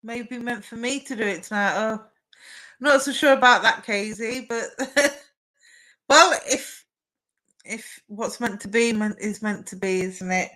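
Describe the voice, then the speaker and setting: Bright-voiced woman chatting on a live stream. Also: fairly high pitch, a little slow, low-quality recording. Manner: chatty, warm replies to viewer comments with frequent fillers. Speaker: psychic medium and live stream co-host. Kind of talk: casual live stream chat and readings.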